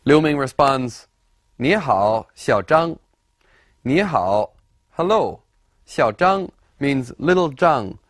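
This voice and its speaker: A man narrating a scripted language lesson, explaining deliberately and repeating example words for the listener. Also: mid-range voice, sing-song, no echo, studio quality. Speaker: language teacher.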